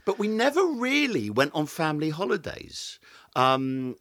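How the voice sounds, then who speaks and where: Lively, theatrical English storyteller man. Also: on the high side, measured pace, no room sound, studio quality. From England. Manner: theatrical storyteller, acts out quotes. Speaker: podcast guest. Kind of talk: anecdotal celebrity interview.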